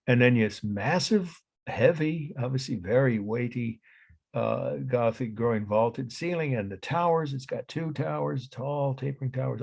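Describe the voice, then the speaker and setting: Gravelly, husky male lecturer. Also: on the low side, darkish tone. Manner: rambling, self-correcting explanations with frequent asides. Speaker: art history lecturer. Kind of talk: classroom lecture.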